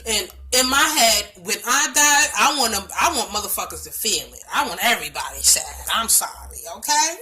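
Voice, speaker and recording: A woman with a Bronx New York accent telling a personal story in a casual vlog, blunt and emphatic, with lots of swearing, swinging from hushed to loud. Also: fairly high pitch, expressive, normal speed, hardly any pauses. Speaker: storytime vlogger.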